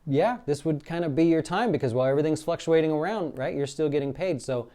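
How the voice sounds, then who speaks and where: A man hosting a daily market update, talking casually and acting out quoted exchanges in an animated, fired-up way. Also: on the high side, fast. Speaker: financial advisor hosting a daily market show. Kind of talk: casual live-stream commentary.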